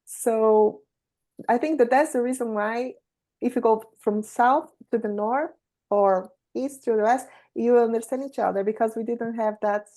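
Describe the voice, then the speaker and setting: Brazilian woman with a mellow voice. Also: fairly high pitch. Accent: Brazilian Portuguese. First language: Portuguese. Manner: thoughtful, measured explaining with fillers. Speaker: interview host. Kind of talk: casual chat.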